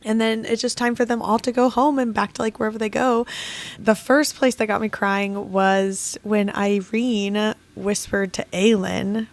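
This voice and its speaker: A woman's voice: mid-range voice, steady tone, a little slow, creaky. A young woman co-hosting a casual book club podcast, talking emotionally and laughing through tears. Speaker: podcast co-host.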